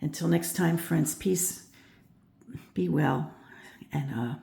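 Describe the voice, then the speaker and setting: Low gravelly woman reading tarot. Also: slow pace, dark tone. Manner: thoughtful, rambling, frequent "you know" and restarts. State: out of breath at times. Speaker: tarot reader and channel host. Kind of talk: casual spoken tarot reading.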